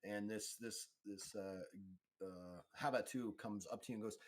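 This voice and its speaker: A man narrating as game master of a tabletop game, halting with many pauses. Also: on the low side.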